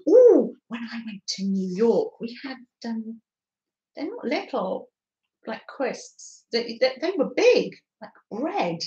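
Woman, North London accent, high voice, unhurried, echoey room. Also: big pitch swings, warm tone. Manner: chatty, giggly, reads out viewer comments. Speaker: craft live-stream host. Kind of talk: casual live-stream chat with viewers. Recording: echoey room, slightly dull sound.

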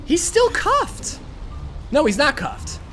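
Man for game commentary: bright, animated, quick to rant and curse; faint music behind. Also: very high voice. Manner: excitable, swears freely, rants in frustration. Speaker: gaming video creator. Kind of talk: gameplay commentary.

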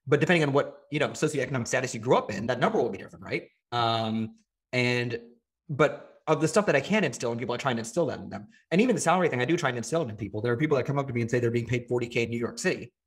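American guy guesting on a podcast, talks super fast, kinda husky, lots of "like". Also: mid-range voice, expressive. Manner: fast, rambling, frequent "like" fillers. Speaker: podcast guest, data engineer. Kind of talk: casual interview chat.

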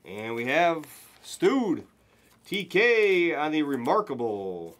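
A man's voice: fairly high pitch, takes it slowly. Hyped man calling a card break. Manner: excited, hyped, swears, calls out hits to viewers. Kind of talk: live card break commentary.

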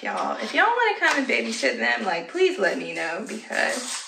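High, lively, giggly woman vlogger. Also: moderate pace, vocal fry, slight background noise. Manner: chatty, giggly, trailing asides to her pets. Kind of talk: casual haul chat to camera. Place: at home, indoors. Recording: roomy, slightly distant home audio.

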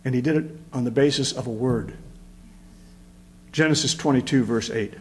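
A man's voice: medium pitch, moderate pace, a little hiss or hum, rough recording. A man with a Midwestern American accent preaching a sermon as pastor, emotional and rising to fervent emphasis.

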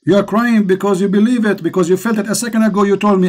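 A man's voice: sits high, fast talker, hardly any pauses, darkish tone. A man with an Arabic accent, hosting a call-in religious show and preaching with passion. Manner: impassioned, preaching. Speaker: host.

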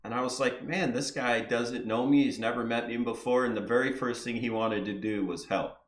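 A man's voice: medium pitch, steady tone, moderate pace. A man hosting a live podcast, chatting in an upbeat way with his guest. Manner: upbeat, laughs a lot. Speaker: podcast host. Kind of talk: casual live podcast interview. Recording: roomy echoey sound.

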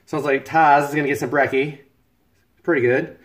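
A man's voice: fairly high pitch, steady tone, normal speed. Chatty man livestreaming his cooking. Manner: chatty, joking, thanks viewers by name. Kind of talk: casual live-stream chat while cooking. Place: home kitchen.

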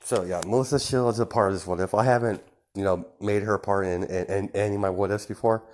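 Man, very low voice, casual improvised narration, rambling, many fillers. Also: fairly even intonation, fast talker, a little mellow. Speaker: fan story narrator.

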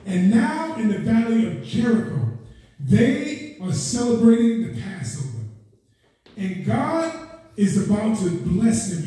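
A man preaches in an impassioned, repetitive cadence, crying out "oh God" between lines and climbing to shouted peaks. His voice sits very high for a man. The sound is picked up from far off and rings with heavy church echo. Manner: exclaims "oh God" between phrases. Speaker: guest preacher. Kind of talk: sermon. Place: church sanctuary.

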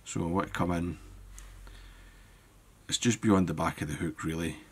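A man giving a relaxed step-by-step fly-tying tutorial, thinking aloud as he works. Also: deep voice, moderate pace, husky.

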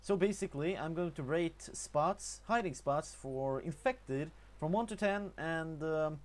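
A young man with a Norwegian accent talking over gameplay in a casual tutorial, halting often with fillers and restarts. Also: fairly high pitch. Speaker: gaming tutorial narrator.

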